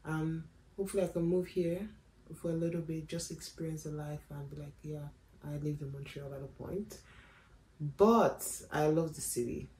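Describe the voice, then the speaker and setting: A woman's voice: low voice, mellow, a little hiss or hum. A young woman, chatting casually and animatedly to camera in a travel vlog, full of slang and easy laughs. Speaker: travel vlogger. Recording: echoey room with faint ambience.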